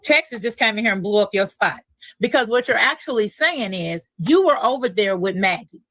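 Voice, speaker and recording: A woman's voice: mid-range voice, expressive, normal speed, fairly bright tone, no room sound, low-quality recording. A woman on a livestream recapping a dispute and questioning a guest directly. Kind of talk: casual livestream chat.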